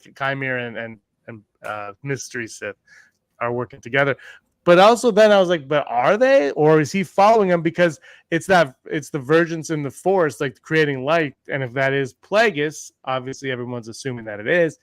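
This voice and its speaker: A man hosting a casual podcast chat, animated and quick to question his co-hosts. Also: medium pitch, no echo. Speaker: podcast host.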